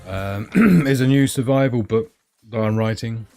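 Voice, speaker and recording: A man's voice: mid-range voice, a little slow, a little mellow, faint music behind. A man hosting a casual live stream, rambling and giggly with lots of fillers.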